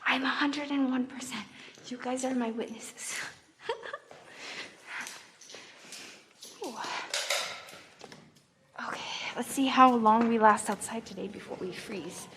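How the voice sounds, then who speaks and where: A woman's voice: fairly high pitch, slow, pauses often, fairly bright tone. A woman livestreaming in casual chat, talking to her viewers and often dropping into whispers. She speaks into a phone held close to her face, first indoors and then out on city streets. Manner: chatty, talks to viewers, drops to whispers.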